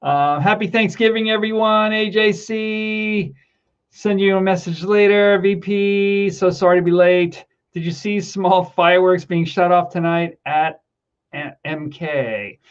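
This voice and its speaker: A man's voice: high voice, measured pace, smooth, lo-fi sound. A middle-aged man hosting a casual livestream, rambling with many ums and getting teary as he thanks his viewers. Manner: emotional, teary, laughing between words. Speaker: livestream host. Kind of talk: casual livestream chat reading viewer comments.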